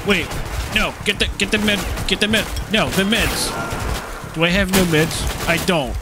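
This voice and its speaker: A man's voice: high-pitched, moderate pace, over music. A young man casually commentating his own gameplay, cursing and joking as he reacts. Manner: sweary, jokey, excitable reactions. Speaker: gaming channel host. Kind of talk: casual let's-play commentary.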